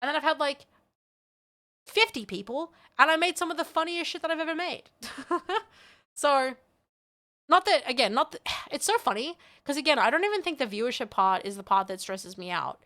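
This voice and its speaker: A woman streaming live, her voice bright and clear. She rambles in a candid, self-deprecating way and often laughs at herself. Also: sits high, lively intonation, normal speed. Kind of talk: casual live-stream chat.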